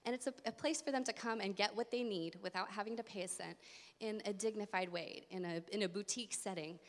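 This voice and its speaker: Breathless, friendly woman presenting to a congregation, mid-pitched, in a reverberant church hall. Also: quick pace. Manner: friendly, informal, many ums. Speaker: ministry director. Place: church sanctuary.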